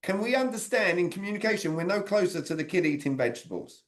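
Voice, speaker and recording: Higher-voiced man coaching over a video call. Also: animated, fast talker. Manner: conversational, quizzing his audience by name. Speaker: sales communication coach. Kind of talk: interactive online training talk.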